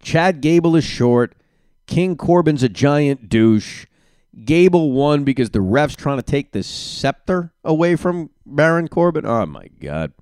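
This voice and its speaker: A man's voice: a little high, measured pace, clear, resonant tone, dry recording, clean studio sound. A man hosting his own solo podcast, giving opinionated and emphatic reactions in a ranting way. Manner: animated, emphatic. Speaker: podcast host.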